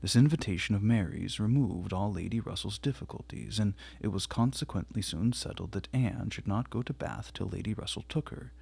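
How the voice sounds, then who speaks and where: A man reads a classic novel aloud at a measured, quiet pace. His voice sits low, with a gravelly fry and a husky, breathy texture. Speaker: audiobook reader.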